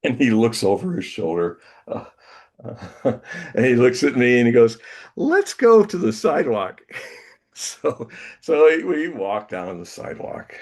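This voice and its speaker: A man, a guest on an interview show, telling a personal story with laughs, restarts and lively acted bits. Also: medium pitch, measured pace.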